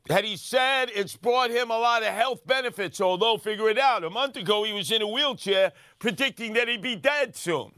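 A man's voice: high voice, pushed and bright, clean tone, dry recording, studio quality. Brash New man on talk radio. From Brooklyn, New York. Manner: brash, mocking New York street talk. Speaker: radio host. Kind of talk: talk radio banter and commentary.

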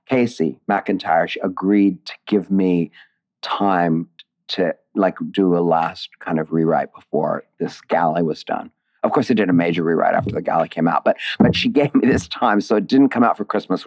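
A man with a very low, deep voice speaks in a relaxed interview. He talks reflectively and digressively, circling back and restarting his thoughts as he explains his work. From Indiana, USA. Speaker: playwright and author being interviewed. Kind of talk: casual interview conversation.

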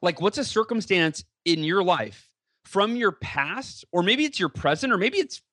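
A man's voice: sits high, lively intonation, normal speed, a bit bright, no room sound. A man in his thirties, a podcast guest, telling a personal story animatedly, acting out dialogue with many fillers and restarts.

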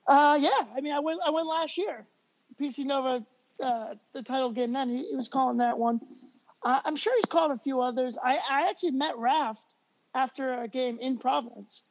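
High-voiced man telling animated stories. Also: moderate pace. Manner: animated, laughs through stories. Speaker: podcast guest. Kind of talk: casual storytelling. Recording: dull lo-fi recording.

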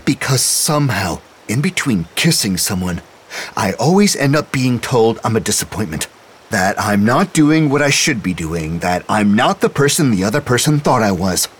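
Defiant woman investigator, voiced by a man, curt, cool, lifted a little above his low voice. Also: sing-song, normal speed, slight background noise, low-quality recording. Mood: angry.

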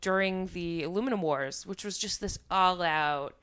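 A woman's voice: lowish voice, moderate pace, fairly bright tone, clean tone. A woman co-hosting a casual podcast chat, talking in chatty runs full of likes and restarts. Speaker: podcast co-host, fact checker.

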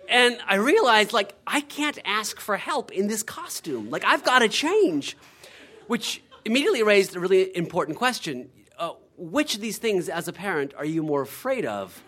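Middle-aged male storyteller, comic and animated, swooping pitch, does the characters' voices himself. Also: moderate pace. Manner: animated, acts out quoted voices, frequent "right?".

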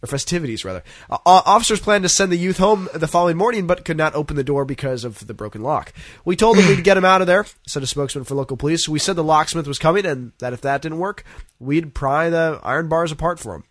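Nasal-voiced man, lively and animated. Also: fairly high pitch, fast, dry recording. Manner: animated, joking storyteller. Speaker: co-host. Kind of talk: casual podcast chat.

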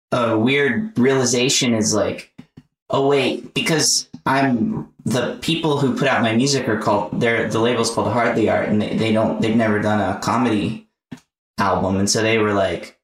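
A man from the US South, a guest comedian, telling quick stories in casual talk and laughing often. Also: medium pitch. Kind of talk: casual podcast chat. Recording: echoey room, distant mic.

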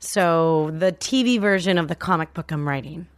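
A woman's voice: on the low side, moderate pace, no room sound, clean studio sound. Bubbly, laughing woman in casual chat. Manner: bubbly, laughs often, excitable. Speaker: actress guest.

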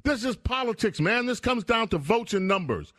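A man's voice: high voice, big pitch swings, moderate pace, fairly bright tone, no room sound. A man hosting a call-in radio talk show, emphatic and insistent, cutting in by repeating the caller's name from a studio mic. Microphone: studio microphone.

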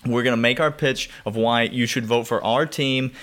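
A man on a sports podcast with an everyday middle-pitched voice. He ribs his co-hosts with exaggerated outrage. He also handles the host's segment sign-offs. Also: fairly even intonation, moderate pace, fairly bright tone. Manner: wry, mock-outraged ribbing. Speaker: podcast co-host. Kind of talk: casual sports chat.

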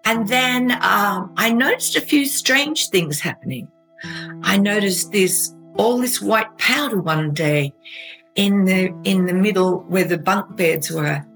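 Bright-voiced woman telling her own story. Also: medium pitch, slow pace, faint music behind, low-quality recording. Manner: animated storytelling, asks listener "right?". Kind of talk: emotional true-crime testimony.

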